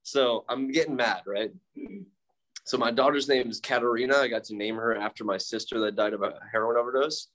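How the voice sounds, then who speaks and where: Sharing at a recovery meeting, a young man tells his personal story candidly, peppering it with profanity, self-mockery, and plenty of fillers. He talks a little fast in a medium-pitched, fairly bright voice.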